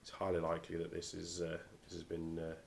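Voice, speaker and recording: A man's voice: low-pitched, monotone, fast talker, gravelly, a little hiss or hum. A man from the UK with a nasal voice from a cold, reviewing diving gear in a casual, hesitant way with lots of ums. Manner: hesitant, many ums and restarts.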